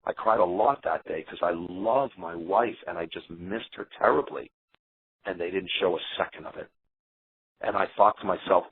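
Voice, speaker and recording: A man's voice: sits low, normal speed, breathy edge, dry recording. A man, an eliminated contestant, telling his side in a heated interview and acting out what others said. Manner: animated, defensive storyteller acting out quotes. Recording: tinny phone line.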